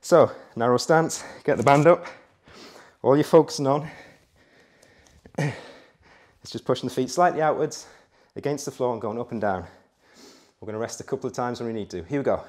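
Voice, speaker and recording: A man's voice: mid-range voice, normal speed, long pauses, a little mellow. A young man leading a beginner workout as fitness coach, counting reps and urging listeners on while out of breath. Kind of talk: guided workout instruction.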